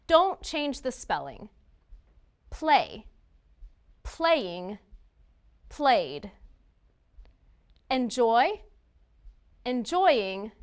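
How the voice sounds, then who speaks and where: Female English teacher, slow and bright, reads a scripted lesson with deliberate word drills. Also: high-pitched.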